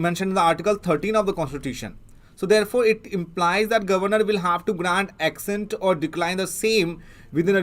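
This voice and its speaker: A man with an Indian English accent teaching an exam prep lesson, explaining as he goes and pausing often with fillers and restarts. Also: high voice. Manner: halting, many fillers and restarts. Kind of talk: newspaper analysis lecture.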